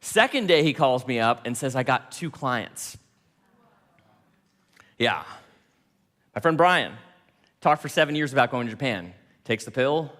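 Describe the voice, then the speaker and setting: A man giving a storytelling talk, animated and laughing, quoting people in dialogue. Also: medium pitch, normal speed, big-room sound. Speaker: speaker.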